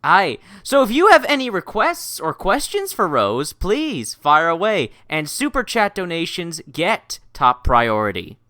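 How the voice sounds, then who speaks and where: A giggly male livestream host whose voice swings up and down animatedly as he rambles through casual, unplanned chat. His tone is bright and sharp, recorded close and dry on a streaming mic with no room sound. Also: sits high, sing-song, unhurried, few pauses, no echo.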